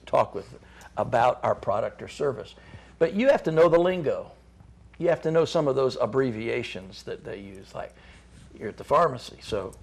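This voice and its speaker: A man's voice: mid-range voice, vocal fry, slightly rough. A middle-aged man, a chamber of commerce guest on a talk show, gives folksy business advice with frequent restarts and repeated words.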